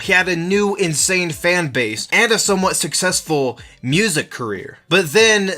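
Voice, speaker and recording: A man's voice: on the high side, bright, forceful tone. A man narrating a scripted commentary video, telling the story with a building-suspense delivery. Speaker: YouTube commentary host.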